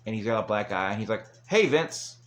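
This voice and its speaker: A man's voice: fairly low pitch, little pitch movement, racing, a bit bright, slight background noise. A man recapping an old wrestling broadcast in a casual, rambling monologue, chuckling along the way and dropping crude asides. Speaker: wrestling show reviewer.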